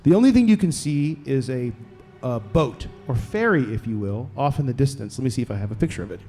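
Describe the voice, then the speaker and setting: A man narrating a live tabletop game as game master, playful and quick to joke, sometimes stumbling over his words. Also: mid-range voice, lively intonation, dark tone, soft background music.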